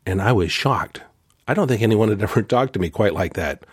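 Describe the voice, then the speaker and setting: A man casually telling a personal story in a candid, self-deprecating way, with fillers and quick asides. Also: fairly low pitch, animated, breathy edge, no room sound, clean studio sound. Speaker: host recounting a personal lesson.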